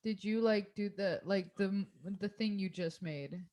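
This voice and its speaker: A woman's voice: medium pitch, a little slow, warm tone. A young woman co-hosting a podcast among friends, teasing bluntly and swearing casually. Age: young adult. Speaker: podcast co-host.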